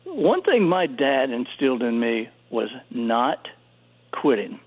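A middle-aged man from Alabama, an author telling stories in an interview, animated and full of restarts. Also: medium pitch, takes it slowly, breathy edge. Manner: animated storyteller with many restarts. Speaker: author guest. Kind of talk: conversational storytelling interview. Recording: tinny phone-like line.

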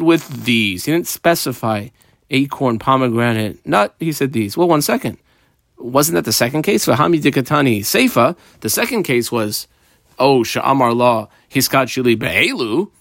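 A man's voice: medium pitch, a bit bright, no echo, clean studio sound. A man teaching a Talmud page line by line, explaining the text while marking it up aloud.

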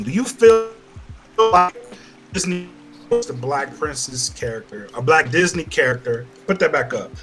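Louisiana guy on a podcast, cussing and ranting, voice jumps way up and down, kinda high and bright. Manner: profane, emphatic ranting with many repeats. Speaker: podcast co-host. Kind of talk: casual podcast chat.

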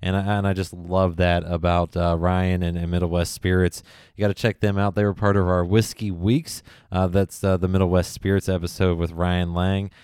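A man with a low, smooth voice hosts a podcast and introduces clips with easy enthusiasm. The sound is dry and close, with no room around it. He talks casually and fills pauses with "uh". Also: flat delivery, darkish tone, dry recording. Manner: enthusiastic, chatty with many fillers. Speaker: podcast host. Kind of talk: casual recap narration.

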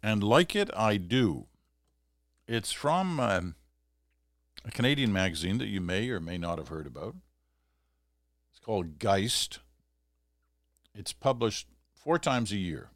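A man hosting a podcast, reading an article aloud with relaxed, conversational asides. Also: lowish voice, slow, pauses often, dry recording, studio quality. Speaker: podcast host.

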